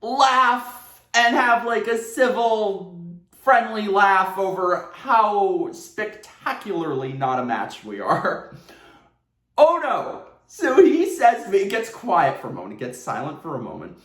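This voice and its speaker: A man telling a casual storytime at home, animated and sarcastic, laughing often. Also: sits high, takes it slowly. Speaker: vlogger. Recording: roomy echo.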